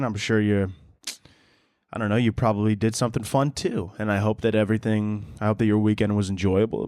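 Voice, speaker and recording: A man's voice: fairly low pitch, a little mellow, no echo, clean studio sound. A young man hosting his own comedy podcast, rambling alone through crude, self-mocking banter. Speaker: podcast host. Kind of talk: solo comedic podcast rant.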